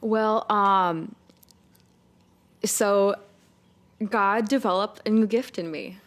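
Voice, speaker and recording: Young woman guest, mid-pitched, tells a story with lots of acted-out inner dialogue. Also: slow pace, a bit bright. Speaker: podcast guest. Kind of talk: casual faith testimony.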